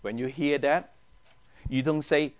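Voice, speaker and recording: Animated pastor, questioning his class. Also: a little high, a little slow. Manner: animated, asks the group questions, drops to a hushed tone for emphasis. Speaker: pastor leading a Bible study. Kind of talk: teaching sermon.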